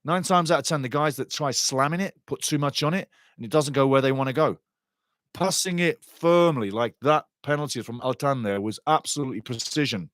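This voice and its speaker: A man giving passionate live fan commentary on a soccer match, excitable and swinging from muttering to shouting. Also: mid-range voice, a little fast, dry recording, studio quality.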